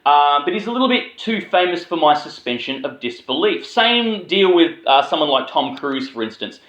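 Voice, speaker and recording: A man's voice: fairly high pitch, very animated, normal speed, a bit bright, echoey room, poor audio. An Australian man giving a casual, rambling film review, with plenty of swearing and filler words. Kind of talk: casual spoken movie review.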